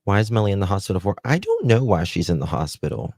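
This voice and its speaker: A man from the United States with a Southern American accent, hosting a casual live stream, chatting with viewers and reading their comments aloud with plenty of "um" pauses. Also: deep voice, huge pitch swings, a little mellow, no room sound. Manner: chatty, self-deprecating, many "um" pauses. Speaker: livestream host.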